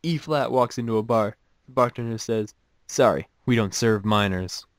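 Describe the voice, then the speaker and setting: A man reads one joke after another in a relaxed, offhand way, then undercuts each with dry, mocking remarks of his own. His voice sits at an ordinary mid pitch, and the recording is close and dead, with no room sound around him. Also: moderate pace, dry recording. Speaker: host reading jokes. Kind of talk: casual joke reading with commentary.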